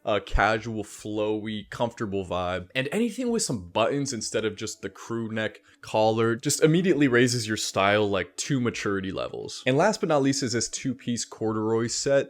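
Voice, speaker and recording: A man's voice: on the low side, very animated, normal speed, hardly any pauses. A man hosting a casual style and self-improvement vlog, chatty and laid-back, often laughing as he talks. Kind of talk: casual advice vlog with sponsor read.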